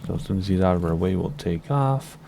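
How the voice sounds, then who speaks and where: A man streaming a flight simulator, chatting casually and rambling, with a slightly hoarse voice. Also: low-pitched, expressive, a little fast, mellow, a little hiss or hum. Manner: chatty, rambling, self-correcting. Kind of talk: casual gameplay commentary.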